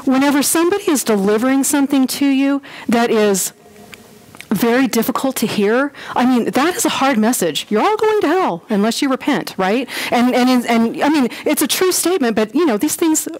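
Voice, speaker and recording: A woman giving a casual church history class, chatty and animated, with lots of fillers and quick acted-out quotes. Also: high-pitched, low-quality recording.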